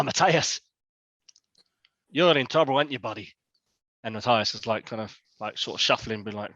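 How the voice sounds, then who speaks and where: A man's voice: mid-range voice, a bit bright, no echo. A man, narrating a tabletop game as game master in a loose, rambling way with many fillers. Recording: dull, lo-fi sound.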